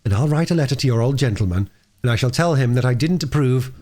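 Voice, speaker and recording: A man's voice: medium pitch, lively intonation, quick pace, a little mellow, close to an everyday voice. A man reading an audiobook voices a loving mother of three, tenderly scolding her children. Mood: tender firm. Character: gentle mother of three, firm but loving.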